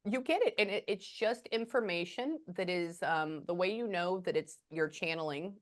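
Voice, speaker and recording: A woman giving a psychic reading over a video call, halting often with quiet murmured asides. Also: fairly low pitch. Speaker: psychic medium.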